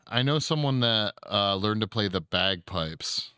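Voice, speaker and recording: Low, smooth-voiced man chatting on stream. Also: lively intonation, unhurried, pushed and bright, dry recording, studio quality. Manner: chatty, reads chat aloud, swears casually. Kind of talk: casual livestream chat.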